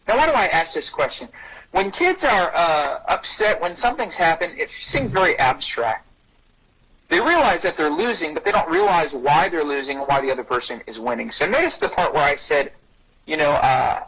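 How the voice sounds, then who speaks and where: A man giving an energetic parenting talk on bullying who acts out short dialogues in a raised voice. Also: normal speed, breathy edge, rough recording. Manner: energetic, acts out little dialogues with rising pitch. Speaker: anti-bullying speaker and parenting coach.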